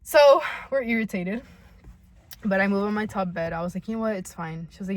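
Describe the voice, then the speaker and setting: Speaking fairly quickly in a mid-range voice, a young California woman shares a story as a podcast co-host in easygoing chat. Her speech is full of swearing and "like," and she reenacts what she said back then.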